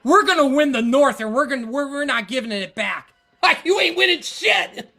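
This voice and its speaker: In a high-pitched, animated voice that's gravelly, pushed and bright, this woman talks at a moderate pace. She's a podcast host on a casual rant about her football team, annoyed, rambling, and stammering as she starts over.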